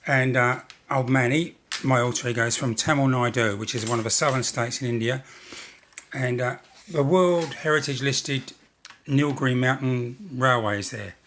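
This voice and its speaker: A man's voice: medium pitch, normal speed, fairly bright tone, slight background noise. A man hosting a model railway channel, narrating his build in a rambling, casual way with jokey, self-deprecating asides.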